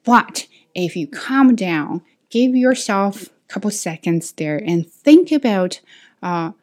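A woman's voice: medium pitch, a little mellow. A woman teacher, not a native English speaker, talking her students through a reflective lesson with frequent restarts and self-corrections.

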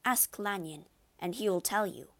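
A man's voice: normal speed, a bit bright, no room sound. A woman reading as a gloomy, despairing doctor. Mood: dreary. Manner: dreary, low. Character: gloomy, despairing male doctor shut away.

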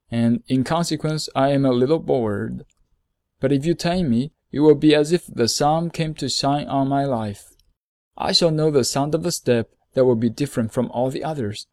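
A man's voice: mid-range voice, a little mellow, no room sound, close to an everyday voice. A man voicing a wise lonely fox. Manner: earnest, measured, explaining slowly. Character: gentle lonely male fox, wise and patient. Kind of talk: storybook reading.

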